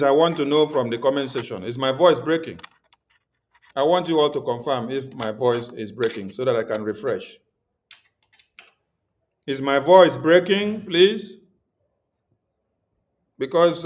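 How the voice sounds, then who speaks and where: A man hosting a livestream, speaking emphatically and repeating his points to viewers. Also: mid-range voice. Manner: emphatic, repetitive, preaching tone. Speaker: livestream host.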